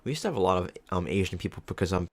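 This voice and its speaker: A man's voice: deep voice, expressive, very fast, no room sound. A young man co-hosting a casual podcast chat, rambling through stories, swearing freely and acting out the people he quotes. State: ice in mouth. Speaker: podcast co-host.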